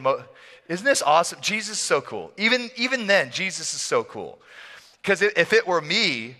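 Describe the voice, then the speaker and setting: A man preaching a sermon as a pastor, telling the story in an animated, playful way with frequent laughs. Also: high-pitched, normal speed. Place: church hall. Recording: long church hall reverb.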